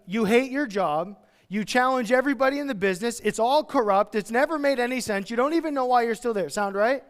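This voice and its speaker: A man, a pastor, preaching a verse-by-verse sermon with animated delivery, acting out everyday voices. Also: very high voice, big-room sound. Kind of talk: expository sermon. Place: church.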